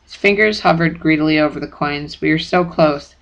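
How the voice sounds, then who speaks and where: Brief: steady first-person audiobook narrator, gravelly tone, lo-fi recording. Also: medium pitch, fairly quick.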